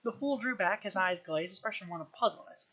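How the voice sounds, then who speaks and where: A woman's voice: medium pitch, a bit bright, muffled recording. Woman reading a novel aloud on stream. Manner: quick reading with frequent throat-clearing. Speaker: reader, streamer.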